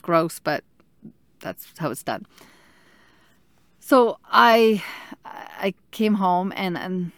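A woman talks in a lowish, easygoing voice, chatty and candid, with a wry self-deprecating humor. She is recorded close up in a dry, dead room. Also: animated, very slow, long pauses, no room sound. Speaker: vlogger sharing her chemotherapy journey. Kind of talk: casual personal storytelling.

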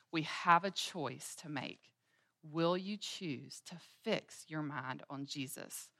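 A woman in her thirties leads a women's Bible study in a low, earnest voice. She teaches through homely stories from her own days and acts out little scenes as she goes. Her voice sounds close and dry, with no room echo. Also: fairly bright tone. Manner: earnest storytelling, acting out everyday scenes with quoted voices.

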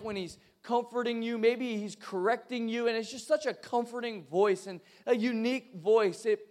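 A young man preaching a sermon, lively and joking as he talks with his congregation. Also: high voice. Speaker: pastor.

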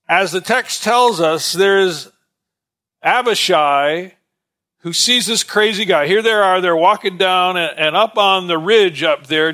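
A man's voice: high voice, sharp tone. A man teaching an informal Bible lesson in a conversational, digressive way with many fillers.

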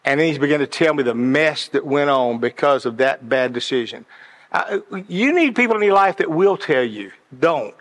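A man's medium-pitched, fairly bright voice carries an animated, moderately paced sermon-like talk on decisions, echoing with long hall reverb. His delivery is earnest and passionate, with repeated words building toward each point.

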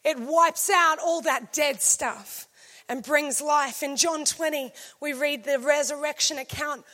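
A woman preaching a sermon, swinging from loud emphasis to hushed scripture reading. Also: high voice, measured pace.

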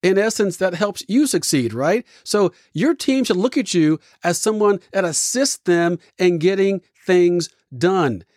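A man with a fairly high voice delivers leadership advice as a motivational host. His punchy, energetic storytelling sounds dry and close to the mic. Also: a little slow, few pauses, dry recording. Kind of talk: motivational talk.

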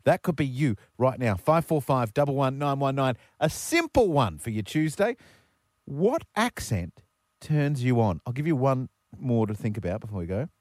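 A man's voice: medium pitch, sing-song, darkish tone, no echo, clean studio sound. A young man hosting a radio show, bantering and teasing his co-host and callers. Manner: joking, teasing, quick patter.

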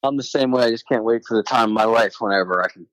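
A man's voice: mid-range voice, fast talker, a bit bright, no room sound, poor audio. A man co-hosting a casual podcast, speaking in a laid-back, wry way. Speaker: podcast co-host. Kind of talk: casual chat.

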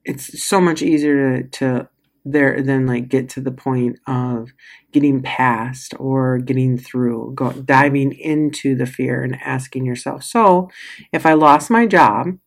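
A woman's voice: rumbling low, level tone, a little slow, creaky, darkish tone. A middle-aged woman giving a casual motivational talk as a coach, emotional, sighing and laughing often. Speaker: coach or healer with clients.

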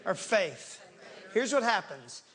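A male pastor preaching a lively sermon, calling out to the congregation and acting out panicked cries. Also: high voice, takes it slowly, slightly rough. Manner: animated, acts out panicked voices and shouts; talks to the congregation directly, laughs along.

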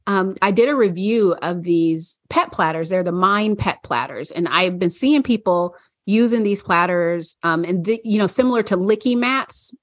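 A woman's voice: fairly low pitch, animated, moderate pace, dry recording, studio quality. A woman podcast co-host chatting casually, rambling with many fillers and frequent laughs. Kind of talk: casual chat.

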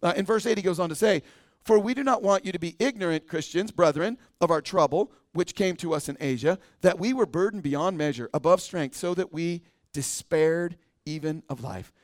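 A man's voice: high voice, moderate pace, no echo, studio quality. A man preaching a sermon as pastor, talking conversationally and often checking in with a "right?". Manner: conversational, asks the congregation and adds "right?". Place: church sanctuary.

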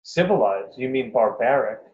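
A man's voice: mid-range voice, animated, moderate pace, darkish tone, close to an everyday voice. A man doing an indignant angry woman. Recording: dull roomy recording.

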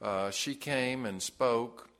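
A man preaching an evening Bible study sermon, halting with many fillers and then rising to emphatic stresses. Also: mid-range voice, a bit bright. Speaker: pastor.

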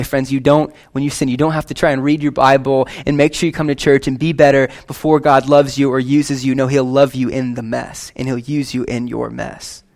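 A young man preaching a sermon to his church in a lively, conversational way, with quick asides and casual slang. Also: a little high. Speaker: pastor.

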